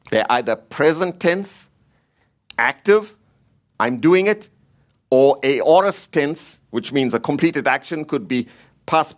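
Male Bible teacher, mid-range voice, animated pitch, emphatic and repetitive in stressing points. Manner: emphatic, repeats key words, rises in pitch when stressing. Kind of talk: church teaching with slides.

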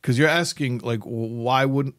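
A man interviewing a guest, explaining points in a measured, thoughtful way. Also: medium pitch, fairly bright tone. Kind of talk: conversational interview.

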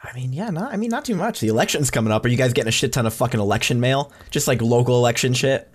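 Male podcast co-host, animated chatty storyteller. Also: mid-range voice, very fast, breathy edge. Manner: animated storytelling, swears freely. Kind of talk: casual chat.

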